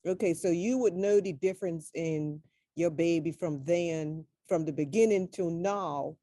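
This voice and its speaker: A woman host asking interview questions, prompting her guest in a halting way. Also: on the low side, warm tone, no room sound, studio quality.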